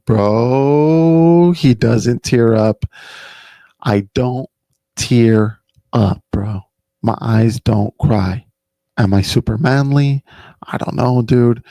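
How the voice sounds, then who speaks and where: A man's voice: lowish voice, mellow, dry recording. A young man hosting a podcast, rambling casually and profanely, saying "bro" and "dude" constantly. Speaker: podcast host.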